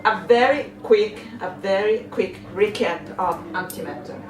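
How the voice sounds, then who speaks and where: A woman asks questions backstage, gushing and giggly. Her voice sits back from the mic in a roomy space. Crowd chatter fills the background. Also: mid-range voice. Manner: giggly, effusive, fast questions. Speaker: interviewer. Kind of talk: casual backstage interview. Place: backstage at a music club. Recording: roomy, distant, crowd noise behind.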